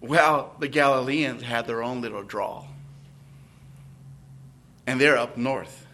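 A man's voice: mid-range voice, slow pace, sharp tone, a little hiss or hum. A man preaching an expository sermon, often checking in with listeners through tag questions.

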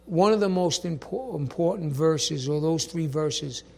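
A man preaching a sermon, animated, calling on congregation members by name and swinging from soft asides to loud emphatic bursts. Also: on the high side, a little slow, creaky. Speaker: pastor.

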